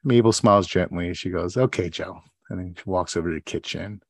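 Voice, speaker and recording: Low-voiced man. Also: quick pace, creaky, no echo. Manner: loose storyteller, many fillers and restarts. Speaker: podcast co-host. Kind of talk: casual podcast chat and mock oral exam.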